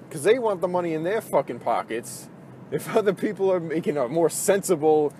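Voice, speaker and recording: A man's voice: fairly high pitch, warm tone, slight background noise. A man ranting casually about a video game, frustrated and profane, rambling with lots of fillers and restarts. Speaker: gaming video host.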